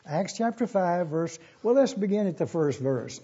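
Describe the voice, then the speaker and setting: A man preaching a sermon, teaching in a measured, formal pulpit manner and reading scripture aloud. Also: sits high, animated, mellow, slightly rough, dull audio.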